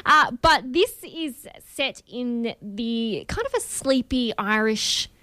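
A woman's voice: on the high side, expressive, slow, sharp tone, dry recording. A woman co-hosting a casual chat, rambling with fillers while she reviews a film. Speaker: co-host.

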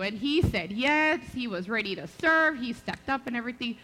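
A woman giving a lively personal testimony as a church speaker and class teacher. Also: fairly high pitch, brisk, hardly any pauses. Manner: lively storytelling. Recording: echoey hall reverb.

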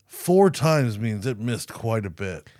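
Profane, animated man telling a story. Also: fairly low pitch, slow pace, no room sound, studio quality. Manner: profane, animated storytelling with playful put-on voices. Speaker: podcast co-host. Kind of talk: casual comedic chat.

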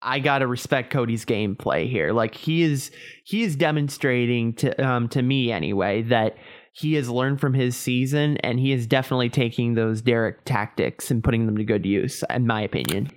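Casual podcast co-host, male, mid-pitch, rambling with fillers and restarts. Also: moderate pace. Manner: chatty, hedging with fillers and restarts. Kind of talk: casual chat.

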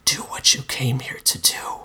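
Shadow monster, male, flat hushed whisper, cold and blank, a man puts it on. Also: normal speed. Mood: menacing hush.

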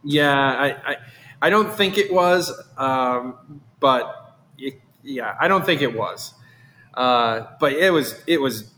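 A man's voice: mid-range voice, lively intonation, takes it slowly, sharp tone. Man rambling with many restarts. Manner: rambling, repeats words and restarts often. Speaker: meadery owner. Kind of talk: casual interview chat.

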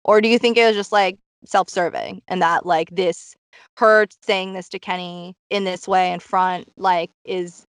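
A woman's voice: on the low side, fairly even intonation, unhurried, clear, resonant tone, no room sound. Chatty woman podcaster, dry sound. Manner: chatty, many "like" fillers, acts out quotes. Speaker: podcast host recapping a reality show. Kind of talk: casual chat.

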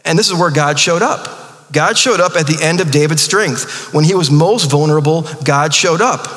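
A male pastor preaching a sermon in a relaxed, conversational way, with joking asides and frequent restarts. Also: a little high, moderate pace. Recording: long reverb of a large hall.

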